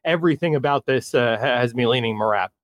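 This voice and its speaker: A man co-hosting a podcast, relaxed and hesitant in casual chat. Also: medium pitch, fast, dry recording. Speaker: podcast co-host.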